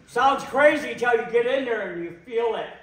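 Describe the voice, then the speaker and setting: A man giving an impassioned public talk, slow and emphatic, repeating phrases for weight. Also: very high voice, animated, sharp tone, a little hiss or hum. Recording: echoey room, voice from a distance.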